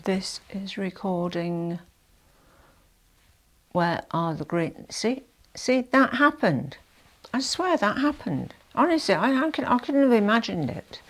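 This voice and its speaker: A woman's voice: medium pitch, big pitch swings, takes it slowly. A woman chatting to camera in a casual vlog, self-deprecating and full of asides. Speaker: fashion vlogger.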